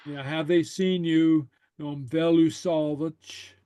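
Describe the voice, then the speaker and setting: Guy teaching a language class, real slow, dark dry voice, repeats stuff patiently. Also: a little high, steady tone, clear, resonant tone, no echo. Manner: patient, repeats phrases slowly and translates them. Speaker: Gaelic teacher. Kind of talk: language lesson, line by line.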